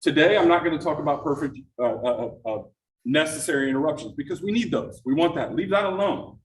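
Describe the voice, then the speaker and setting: A man's voice: a little high, animated, fast. A middle-aged man giving an interactive productivity workshop, engaging the room with frequent questions to the audience, speaking in a meeting room before a live audience. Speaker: workshop presenter. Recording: echoey room, distant mic, faint noise.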